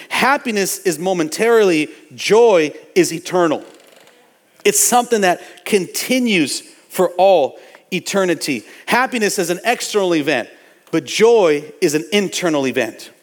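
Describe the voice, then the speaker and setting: A man's voice: high-pitched, expressive, moderate pace, long reverb tail. A male pastor delivering a sermon in church, preaching emphatically with repetition and calls to the congregation. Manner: emphatic preaching with repetition and audience call-outs. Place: church sanctuary.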